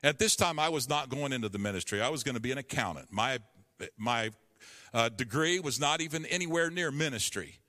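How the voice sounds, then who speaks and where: A man's voice: mid-range voice, animated, brisk, pushed and bright, in a large hall. A pastor in his fifties tells a personal story during a sermon, earnestly acting out the voices in it. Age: 50s.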